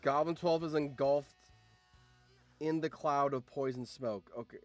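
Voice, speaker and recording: A man's voice: mid-range voice, a little slow, faint music behind. A man streaming and commenting on a game, reading out results, laughing often and swearing.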